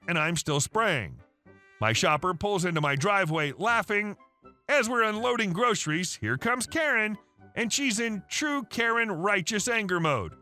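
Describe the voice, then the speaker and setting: A man narrating reddit stories aloud in an animated storytelling manner. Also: high-pitched, normal speed. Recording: faint background music.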